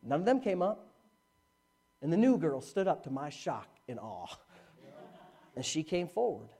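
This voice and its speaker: A middle-aged man preaching a sermon as a pastor, telling a story with animated swings from hushed speech to shouting. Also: on the high side, a little slow, slightly rough.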